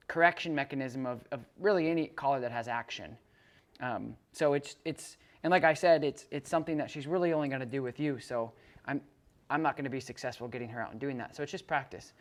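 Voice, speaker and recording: A woman dog trainer teaching a client how to handle a dog on a leash, often restarting her sentences as she explains. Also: low voice. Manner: coaching, repeats words and restarts sentences. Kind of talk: hands-on dog training instruction.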